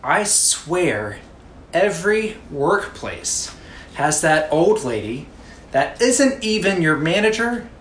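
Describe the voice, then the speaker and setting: A woman's voice: lowish voice, sing-song, takes it slowly. A woman co-hosting a podcast, steadily introducing segments and giving advice in casual chat. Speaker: podcast co-host. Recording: roomy echo with faint noise.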